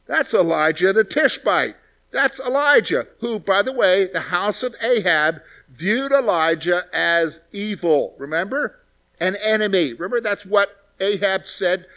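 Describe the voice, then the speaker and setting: A man's voice: high voice, sharp tone. A man teaching a Bible study, retelling scripture in a conversational way and asking rhetorical questions.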